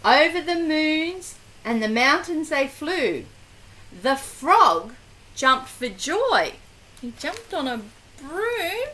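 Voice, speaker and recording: Older grandmother reading a picture book to a child, high, lively voice, very slow and expressive. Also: poor audio. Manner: slow, animated, with gasps and questions to the child.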